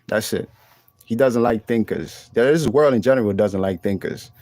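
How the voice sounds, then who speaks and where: A man reacting to clips in a loose, blunt, profane ramble, often restarting his sentences. His voice is low and mellow, recorded close and dry with no room sound. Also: a little fast, no room sound. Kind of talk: casual reaction commentary.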